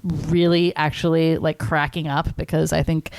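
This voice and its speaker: Low-voiced woman gushing in casual chat. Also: little pitch movement, moderate pace, darkish tone, smooth, no echo. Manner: enthusiastic fan, heavy use of "like". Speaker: podcast co-host.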